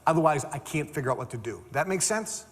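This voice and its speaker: A man giving a motivational talk, emphatic and animated, repeating phrases for stress. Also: on the high side, quick pace, in a large hall. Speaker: motivational speaker.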